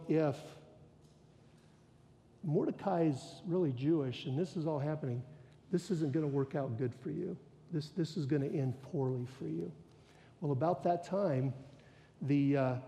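A male pastor preaching with a fairly high yet mellow voice. He tells the story with rising emphasis and acts out the people in it. His voice rings through a big hall with long reverb. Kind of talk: sermon.

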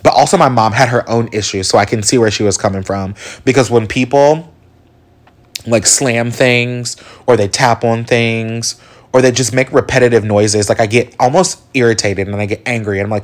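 A young man in his twenties hosts his own podcast, wandering from one tangent to the next in a frank, profane, chatty way. His speaking voice sits fairly low. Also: moderate pace. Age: 20s. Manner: rambling, candid and profane, with mimicked voices. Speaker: podcast host. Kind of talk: casual solo podcast monologue.

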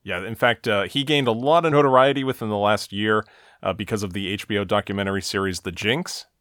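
A man's voice: lowish voice, steady tone, fast talker, fairly bright tone, dry recording, studio quality. A man co-hosting a podcast, recapping a TV episode in casual chat with a wry, chuckling manner and frequent fillers.

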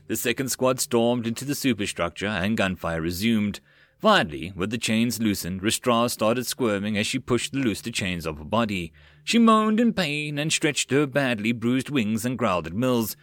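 A man narrating a web novel as an audiobook, steady storytelling. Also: medium pitch, normal speed, no room sound.

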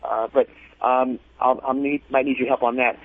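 A man hosting a radio show and interviewing a guest, halting and restarting his sentences. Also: mid-range voice, little pitch movement, husky. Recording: tinny phone-like broadcast sound.

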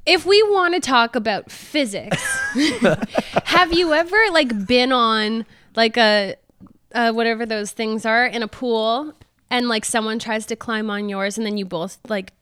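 A woman's voice: fairly high pitch, fairly even intonation, unhurried, fairly bright tone, smooth, no room sound. A woman chatting casually as a podcast guest, giggly and rambling, with lots of "like". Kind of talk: casual chat.

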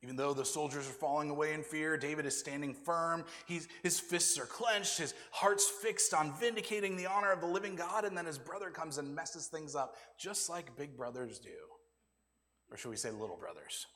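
A man preaching in a church hall, his voice a touch high. He shifts between lively emphasis and hushed, whispered asides. The reverb trails long behind each phrase. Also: normal speed, hardly any pauses. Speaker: pastor. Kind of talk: sermon.

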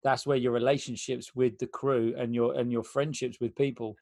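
A man's voice: mid-range voice, little pitch movement, moderate pace, a little mellow, dry recording, clean studio sound. A man hosting a podcast, chatting casually and prompting his guest with short questions. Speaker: podcast host. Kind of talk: casual interview chat.

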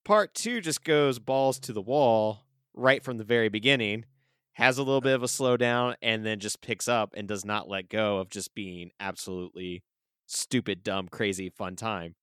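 A man's voice: lowish voice, normal speed, fairly bright tone, clear, resonant tone, dry recording, studio quality. A man co-hosting a casual movie podcast, rambling with many fillers. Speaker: podcast co-host. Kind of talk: casual movie review chat.

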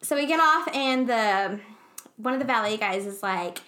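A young woman with a bright, sharp voice, chatting casually as a podcast co-host. She rambles through her stories with lots of fillers and laughs. Her voice sits a little high. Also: expressive, normal speed. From not from the U.S. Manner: rambling, giggly storytelling with many fillers. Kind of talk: casual chat.

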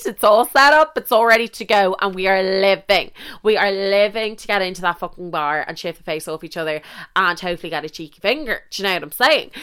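A young Irish woman hosting a podcast, telling a story in a crude, profane, animated way. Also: fairly low pitch, smooth. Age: young adult. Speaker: podcast host. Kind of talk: casual storytelling.

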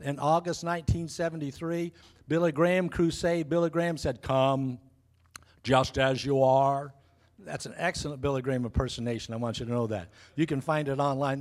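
Man in his 60s, pastor, lively sermon, jokey, fairly high voice. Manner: jokey and exuberant, with sudden whoops. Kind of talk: lively church sermon and welcome. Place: church sanctuary.

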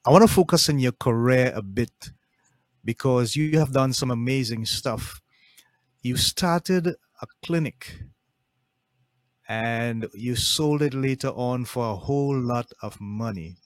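A male interviewer speaks in a supportive, encouraging way and keeps his reactions short. His voice sits at a middle pitch. The recording is dry and close, with no room sound. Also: dry recording. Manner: encouraging, quick back-channel reactions. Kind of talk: interview questions and brief reactions.

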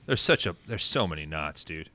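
A man's voice: very deep voice, expressive, fairly quick, pushed and bright. A man co-hosting a casual podcast, making wry, sarcastic asides about a movie. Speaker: podcast co-host. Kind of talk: casual movie recap chat.

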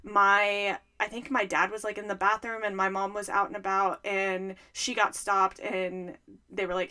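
A woman's voice: medium pitch, flat delivery, normal speed, sharp tone, smooth. A young adult woman co-hosting a podcast in casual chat, rambling and correcting herself as she goes. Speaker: podcast co-host.

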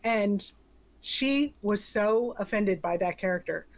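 A woman's voice: medium pitch, takes it slowly. A woman co-hosting a casual movie podcast, telling stories in a chatty way and laughing often. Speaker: podcast co-host.

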